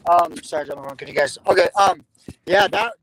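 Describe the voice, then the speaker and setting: A man's voice: on the high side, brisk. Man in his thirties, fighter guest, rambling, noisy line behind his voice. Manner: rambling, restarts often. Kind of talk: casual interview.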